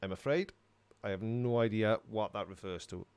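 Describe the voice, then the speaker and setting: A man's voice: on the low side, steady tone, normal speed, darkish tone, clear, resonant tone. A middle-aged man, casually answering viewers' questions on a live stream in a dry, sarcastic way. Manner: dry, sarcastic, self-mocking.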